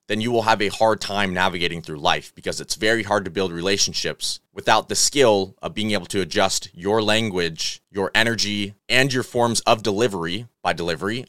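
A man's voice: deep voice, sharp tone, dry recording, clean studio sound. A man hosting a solo podcast, talking in an earnest, coaching tone. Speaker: podcast host.

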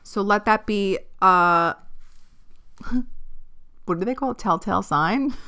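A young woman hosting her own podcast, venting bluntly and profanely in a casual, animated way. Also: mid-range voice, takes it slowly. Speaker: podcast host. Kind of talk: casual solo podcast rant.

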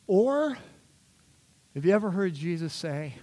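A male pastor preaching a sermon, conversational and animated, talking straight to the congregation and slipping into playful voices. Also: fairly high pitch, normal speed. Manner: conversational, addresses the congregation directly.

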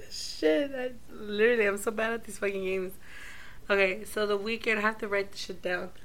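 A woman's voice: mid-range voice, moderate pace, a bit bright. A woman co-hosting a casual podcast chat, scattered and hesitant, swearing as she thinks aloud. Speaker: podcast co-host. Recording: harsh mic, faint room noise.

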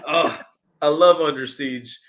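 A man's voice: fairly high pitch, fairly even intonation, slow, a bit bright. A man co-hosting a casual podcast, laid-back and full of fillers as he lists his picks. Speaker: podcast co-host. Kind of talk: casual chat.

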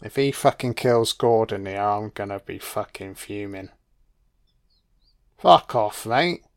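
A man's voice: lowish voice, slow. Foul-mouthed man reacting to a film. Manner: profane, reactive, talks back at the screen. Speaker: film commentator. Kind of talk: casual watch-along film commentary.

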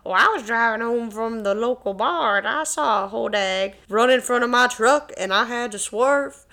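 A woman's voice: mid-range voice, fairly even intonation, fairly quick, a bit bright, smooth, close to an everyday voice. A woman putting on a rural small-town local who rambles through a tall tale in long run-on sentences. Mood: folksy.

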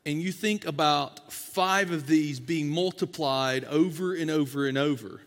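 A man's voice: on the high side, measured pace, fairly bright tone, long reverb tail. A man preaching a sermon as a pastor, in a conversational, folksy way with casual asides to the congregation.

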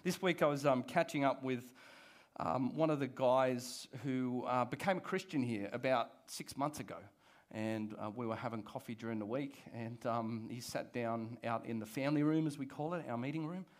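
A pastor, preaching a sermon to his church in an animated, conversational way. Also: medium pitch, moderate pace. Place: church service.

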